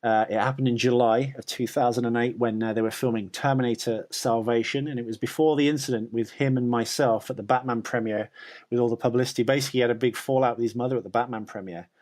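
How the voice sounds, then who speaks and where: A man's voice: mid-range voice, a little mellow. Rambling man on a podcast. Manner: rambling, with many restarts and filler uhs. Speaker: podcast co-host. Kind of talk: casual podcast chat.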